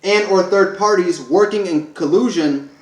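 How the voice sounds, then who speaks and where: A self-declared speaker with a high-pitched voice reads a formal public proclamation aloud to camera at normal speed. He stresses each clause one by one and stumbles now and then, and the audio is poor with an echoey room.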